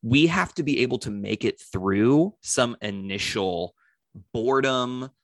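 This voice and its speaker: A man's voice: medium pitch, animated, unhurried, no room sound. A man in casual podcast conversation, thoughtful and encouraging, with hesitant restarts.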